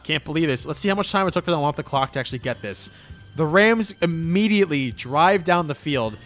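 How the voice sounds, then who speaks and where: A young man with a slightly high voice hosts a casual sports talk show, recapping plays. His energy is excitable and swings between loud calls and mumbled asides.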